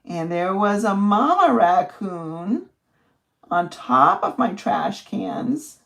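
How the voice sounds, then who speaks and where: Slow, gravelly woman demonstrating crafts. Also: mid-range voice, sing-song, fairly bright tone, far from the mic. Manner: friendly, rambling, thinks aloud while working. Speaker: card-making instructor hosting a live stream. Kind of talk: chatty live craft demonstration. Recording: echoey room, voice set back from the mic.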